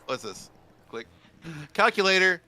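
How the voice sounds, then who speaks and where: A man plays a game on stream and jokes with his co-host, his voice very bright and sharp. His pitch swings widely as he teases and swears, sitting a little above the usual male range. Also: sing-song, unhurried. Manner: playful, jokey, swears freely. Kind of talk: casual chat while gaming.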